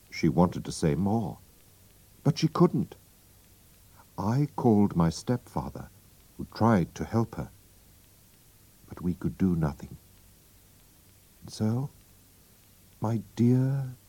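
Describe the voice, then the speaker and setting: A man slowly and expressively reading a storybook aloud for learners. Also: on the low side, sing-song, dark tone, slightly rough, dry recording. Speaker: narrator.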